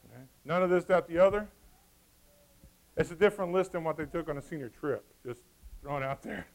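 A man preaching a sermon, lively and folksy, throwing joking asides to the congregation. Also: on the high side, fairly quick.

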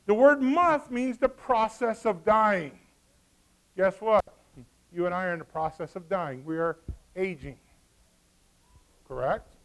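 A man preaching a sermon, lively and folksy, throwing joking asides to the congregation. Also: high voice, takes it slowly, pauses often.

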